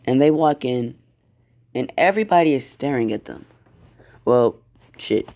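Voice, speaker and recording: A man's voice: mid-range voice, animated, unhurried, a little mellow. A man casually narrating an improvised fan story, swearing often and acting out the lines. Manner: casual, swears a lot, acts out quotes.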